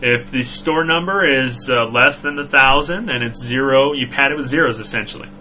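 A man hosting a podcast, telling a story in a rambling, animated way with frequent "right?" asides. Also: medium pitch, moderate pace. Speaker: podcast host. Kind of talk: casual storytelling chat. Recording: dull lo-fi recording with faint hum.

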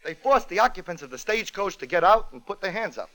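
A man's voice: high-pitched, very animated, fast talker, bright, forceful tone, low-quality recording. A man hosting a comedy show, telling a comic story in a wry, joke-timed way. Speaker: comedy radio host.

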